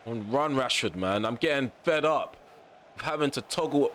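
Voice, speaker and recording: A young man commentating on his football video game, ranting at the referee, then calmly recapping for viewers. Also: medium pitch, moderate pace, slight background noise. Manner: exasperated ranting at the referee, shouting. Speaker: gaming YouTuber. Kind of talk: gameplay commentary.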